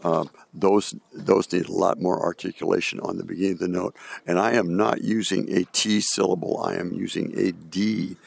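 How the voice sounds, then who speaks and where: A man coaching a band in rehearsal, singing rhythms with syllables and giving quick instructions. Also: sits low, little pitch movement, vocal fry, slightly rough, dry recording. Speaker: band director. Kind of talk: rehearsal coaching with sung examples. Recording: music playing under the voice.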